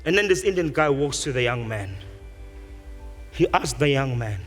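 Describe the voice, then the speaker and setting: A man's voice: mid-range voice, lively intonation, moderate pace, pauses often, faint music behind. A man giving a motivational speech, telling a story and acting out the characters in it. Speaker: speaker.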